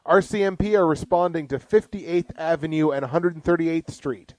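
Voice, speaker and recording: A man co-hosting a podcast, chatting casually and reading out police scanner posts slowly, laughing often. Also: on the high side, darkish tone, no echo. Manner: laughs often, reads items slowly and deliberately. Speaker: podcast co-host.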